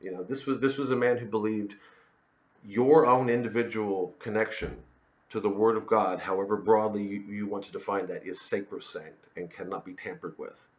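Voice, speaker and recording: A man's voice: on the low side, steady tone, moderate pace. A male comedian delivering a rambling, sardonic satirical monologue full of digressions. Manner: sardonic, digressive, slips into voices. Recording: dull lo-fi audio.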